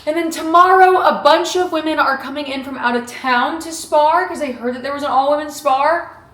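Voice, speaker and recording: A young woman talking candidly to camera in a casual vlog, profane and animated. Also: high-pitched, normal speed. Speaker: vlogger training for a boxing match. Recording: echoey room.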